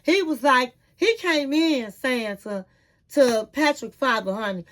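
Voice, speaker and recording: A woman's voice: sits high, normal speed, poor audio. A middle-aged woman giving chatty, candid commentary as she recaps a reality TV episode, often calling the listener "honey.".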